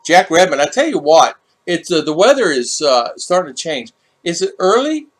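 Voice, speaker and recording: Chatty middle-aged man with lively pitch. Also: normal speed. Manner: rambling and repetitive, with many restarts. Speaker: livestream host reading viewer comments. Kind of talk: casual livestream chat.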